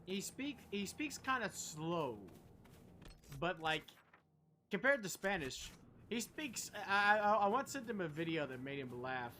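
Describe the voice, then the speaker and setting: A man's voice: sits high, big pitch swings, a little slow, bright, forceful tone, slight background noise. A young man streaming a video game, rambling casually, swearing and chatting to his viewers. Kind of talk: casual gameplay commentary.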